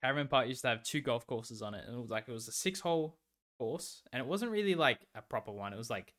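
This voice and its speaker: A man's voice: medium pitch, animated, quick pace, a bit bright. A young man in his twenties, co-hosting a podcast and telling a story in a laid-back way, swearing freely and laughing often. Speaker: podcast co-host. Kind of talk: casual chat.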